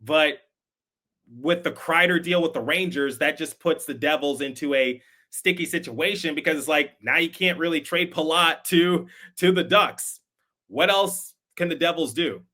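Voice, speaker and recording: A man's voice: on the high side, normal speed, bright, forceful tone. A man hosting a sports podcast, giving conversational, emphatic opinion commentary with some repeated words. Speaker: podcast host.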